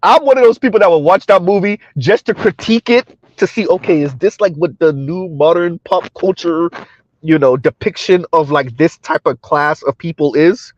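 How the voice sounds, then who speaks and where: Middle-aged male stream host, chatty and chuckling, fairly high voice, dry dull recording. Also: moderate pace, dry recording. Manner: chuckling often, loose and colloquial. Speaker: livestream commentary host. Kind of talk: casual livestream commentary, reading chat aloud.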